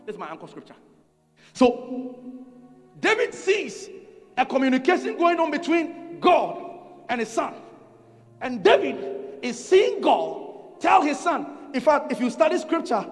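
A man with a Ghanaian accent preaches at a conference in a large hall, his very high voice swinging widely in pitch, unhurried and with long pauses. He hammers points home through emphatic repetition and calls for the congregation to respond. The hall is reverberant, with faint music in the background.

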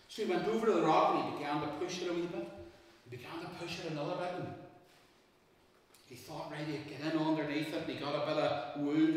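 Man, family church storytelling, questions the crowd, distant mic, roomy echo. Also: a little high. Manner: lively, asks the congregation questions. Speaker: minister telling a children's story. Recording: echoey church from far off.

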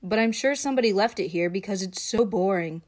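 A woman's voice: medium pitch, fairly quick, lightly acted. A woman voicing a bored, reluctant young boy in a storybook read-aloud. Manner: flat, grumbling.

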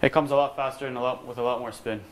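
Fast, flat-voiced champion player. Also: male voice, mid-range voice, crowd noise. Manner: matter-of-fact explainer. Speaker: champion table tennis player. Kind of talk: casual explanation.

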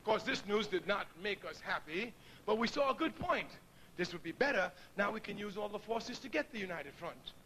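A middle-aged man speaks to an audience in an unusually high, piercing register. His tone is bright and sharp, and he tells his story with frequent laughter. A faint hiss of room ambience sits behind him. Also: lively intonation, normal speed, rough recording. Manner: storytelling, laughs often, acts out quoted dialogue. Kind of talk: public speech.

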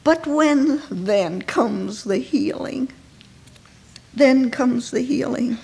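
A woman preacher delivering an emotional sermon in church, dropping to hushed tones and rising to ringing cries. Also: high-pitched, drawn-out words, gravelly, breathy edge. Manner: dramatic, swinging from hushed near-whispers to ringing cries.

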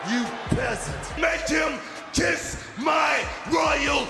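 A man cutting a wrestling promo, pompous and shouting with royal boasting, heard in an archive clip. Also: extremely high pitch, very slow, creaky, reverberant, over music, a crowd in the background. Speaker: pro wrestler.

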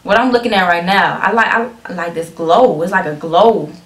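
A woman talking casually and excitedly to her viewers as she reacts to a music video, often restarting her sentences. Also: fairly low pitch, moderate pace. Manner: excitable, talks straight to viewers, frequent restarts. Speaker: reaction vlogger. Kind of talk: casual chatty video commentary. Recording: echoey room.

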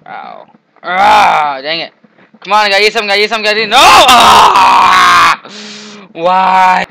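A man playing a video game and commenting, excitable, often shouting and taunting the enemies on screen. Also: high-pitched, moderate pace, creaky, heavy background noise. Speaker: gamer. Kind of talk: let's play commentary.

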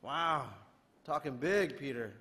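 A male pastor preaching a sermon in a relaxed, conversational way, retelling scripture in everyday modern speech. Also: fairly high pitch, slow. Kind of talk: casual sermon. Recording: reverberant church hall.

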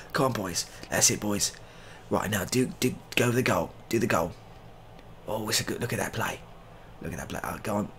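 A man's voice: on the low side, normal speed, gravelly, a little hiss or hum. A young man commentating live on a football management game he is playing, cheering on the team and grumbling at the referee. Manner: excitable, cheering on the players. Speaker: gaming YouTuber.

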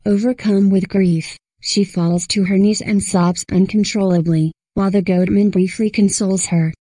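A woman narrating a scripted horror story in a steady storyteller's reading. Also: mid-range voice, normal speed, dry recording, low-quality recording.

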